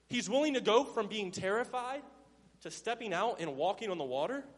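A male pastor with a high-pitched voice delivers a sermon, swinging between loud emphasis and hushed asides. He acts out the lines of Bible figures playfully. The sound carries the long reverb of a big hall. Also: animated, brisk, slightly rough.

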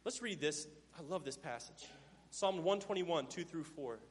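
A male pastor preaches with lively intonation at normal speed, his voice carrying a breathy edge and a long reverb tail. He shifts from loud emphasis to hushed, low tones and gives Bible characters' lines playful voices.

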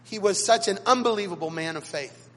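Man, pastor, sermon, dramatic storytelling, high voice, long hall reverb. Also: a little fast. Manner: dramatic storytelling with big swings in loudness. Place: church sanctuary.

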